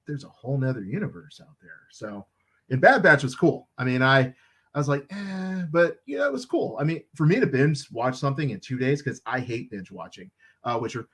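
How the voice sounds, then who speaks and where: Man, mid-pitched voice, relaxed measured podcast host. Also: slightly rough. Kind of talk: casual chat.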